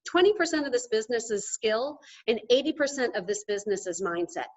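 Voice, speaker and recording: Emphatic high-voiced woman giving a pep talk. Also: a little fast. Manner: energetic, emphatic, keeps asking "okay?". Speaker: motivational speaker at a sales event. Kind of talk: motivational talk to a live audience.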